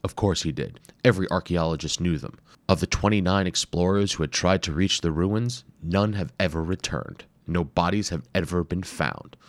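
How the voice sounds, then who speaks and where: A man narrating a storybook adventure in a steady, measured way. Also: low-pitched, no room sound. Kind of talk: storybook reading.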